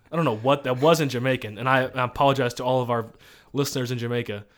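A young man from Missouri co-hosts a podcast in loose, casual conversation. His pitch sits in a middling range, and he tells long, rambling stories with frequent laughter. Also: fairly even intonation, quick pace. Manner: rambling, storytelling, laughs often. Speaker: podcast host. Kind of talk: casual chat.

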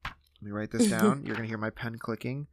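A man co-hosting a casual podcast, chatting playfully and slipping into quick impressions. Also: medium pitch, very animated, a little hiss or hum. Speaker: podcast co-host.

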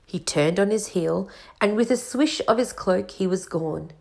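A woman narrating a storybook in a measured, expressive reading. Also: medium pitch, vocal fry. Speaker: audiobook reader.

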